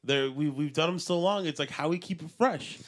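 A man co-hosting a casual podcast from a studio, rambling and joking in a deadpan way. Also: a little high, fairly quick. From California. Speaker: podcast co-host. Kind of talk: casual chat. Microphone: studio mic.

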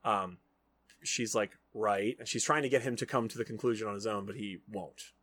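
A man's voice: on the low side, a little fast, bright, forceful tone, breathy edge. A young adult man hosting a podcast, casually recapping a film in a rambling way, full of "like" and "you know.". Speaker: podcast host.

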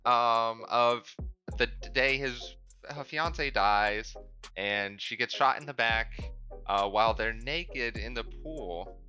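A man in a casual chat, recapping haltingly with many ums and uhs. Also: medium pitch, sharp tone, soft background music. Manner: halting recap full of fillers.

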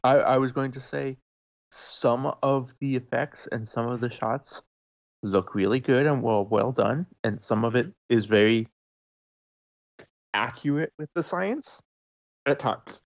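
A man's voice: medium pitch, unhurried. A man co-hosting a podcast, chatting casually about a film, rambling a little and hedging as he talks. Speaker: podcast co-host. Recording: dull lo-fi mic.

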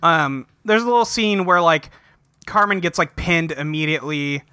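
A man's voice: on the high side, normal speed, bright, forceful tone, smooth, no echo, clean studio sound. A man co-hosting a podcast, casually recapping a movie in a rambling way, swearing now and then. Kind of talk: casual chat.

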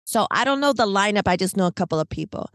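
A woman co-hosting a podcast, telling a long story in casual, animated, slangy chat, full of "like" and "right?". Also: medium pitch, fast talker, dry recording, studio quality. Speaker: podcast co-host.

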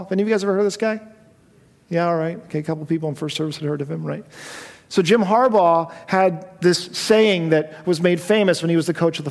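This male pastor's voice sits fairly high, gravelly yet a little mellow, as he delivers an impassioned sermon that builds to emphatic peaks. He addresses a congregation in a church sanctuary, and long hall reverb fills the recording.

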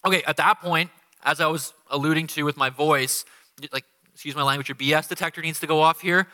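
A fast-talking man with a fairly high voice delivers a guest sermon in a church sanctuary, where long hall reverb fills the recording. He speaks in a casual, animated, conversational way, acting out the quotes he tells with laughter.

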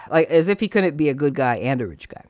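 A man hosting a solo podcast, casually recapping an old TV episode with rambling asides and animated retelling. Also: a little high, brisk, dry recording, clean studio sound. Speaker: podcast host.

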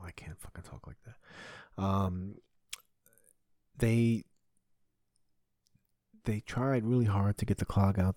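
A man's voice: deep voice, mellow, no echo, clean studio sound. A man hosting a podcast from his home basement, telling a rambling, profane, crude comic story in casual talk. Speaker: podcast host. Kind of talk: casual comedic monologue.

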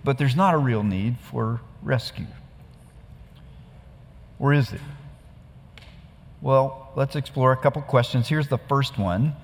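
A pastor giving a sermon in a conversational, storytelling way, with rhetorical questions to the congregation. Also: male voice, medium pitch, slow, long pauses, long reverb tail.

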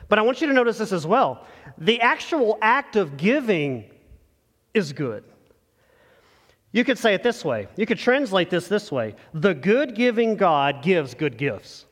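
High-voiced male pastor preaching in reverb. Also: a bit bright. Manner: earnest, conversational preaching with direct address. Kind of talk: sermon. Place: church sanctuary. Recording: long church reverb.

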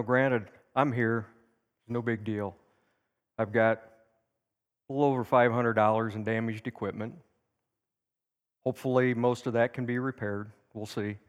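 The speaker, a man with a medium-pitched voice, is teaching at a church service in a large-hall church sanctuary. His style is folksy and anecdotal as he recounts a personal story and performs the quotes with lively energy.

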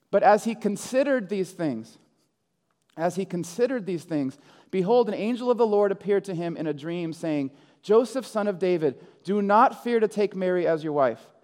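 A male pastor delivers a sermon in a high voice, slipping into dramatic quoted voices for the figures he describes. His words ring out with a long reverb, as in a large church sanctuary. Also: darkish tone.

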